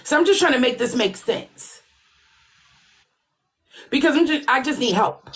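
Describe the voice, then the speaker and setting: A woman's voice: high voice, lively intonation, a little slow. A woman co-hosting a commentary chat, asking questions in a sarcastic, mock-innocent way.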